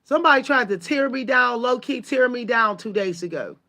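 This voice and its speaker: Speaking a little fast, in a high-leaning voice that sounds pushed and bright, she rages to her viewers. The channel host's story is profane, heated and full of emphasis.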